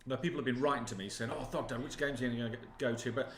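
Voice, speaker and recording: A man from Lancaster co-hosts a football reaction with his son, in a voice of middling pitch. He talks in a measured, plain-spoken way. The room around him is echoey. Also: steady tone. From England, Lancaster. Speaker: co-host, the host's father. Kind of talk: live football reaction chat.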